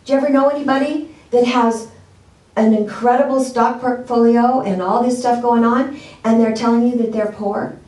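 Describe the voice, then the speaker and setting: Mellow-voiced woman pastor preaching in a roomy hall. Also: fairly high pitch, steady tone, normal speed, distant mic. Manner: conversational, asks the congregation questions. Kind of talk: sermon.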